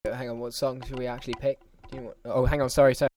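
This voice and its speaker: A man's voice: mid-range voice, little pitch movement, very fast, darkish tone, slight background noise. A young man hosting a casual podcast, chatty and rambling. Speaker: podcast host. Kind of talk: casual chat.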